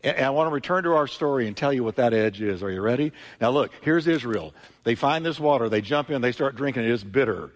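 A male pastor preaching a sermon with emphatic, repetitive delivery, swinging between loud peaks and quieter asides. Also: mid-range voice, animated, fast. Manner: emphatic preaching, repeating phrases with rising and falling intensity. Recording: long church hall reverb.

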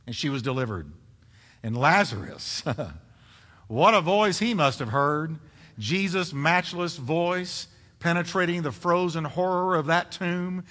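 Preacher, male, fairly high forceful voice; dramatic sermon delivery with rising peaks, long church reverb. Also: normal speed. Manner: dramatic, builds to loud emphatic peaks, asks the congregation questions.

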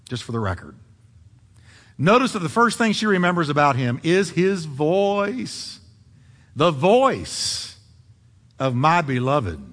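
A man preaching a sermon, swinging from loud emphatic peaks to hushed quiet asides. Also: medium pitch, long reverb tail.

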